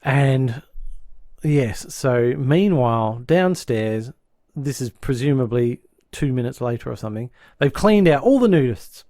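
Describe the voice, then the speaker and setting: Male podcast host with a mid-range voice, dry booth sound, chatty plot recap with quick character voices. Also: medium pitch, expressive, dark tone, no room sound. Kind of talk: casual podcast chat.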